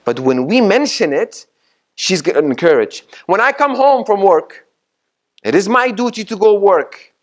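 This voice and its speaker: In a community mosque hall, a sheikh gives a Ramadan sermon, making emphatic points and repeating them, questioning the audience, and reciting Arabic sayings before explaining them. His voice sits high with big pitch swings at a measured pace.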